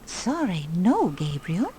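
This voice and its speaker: A warm, kindly old granny. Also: female voice, fairly low pitch, wildly swooping pitch, slow, slight background noise, full character voice. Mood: gentle. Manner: gentle, affectionate. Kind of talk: recorded game dialogue.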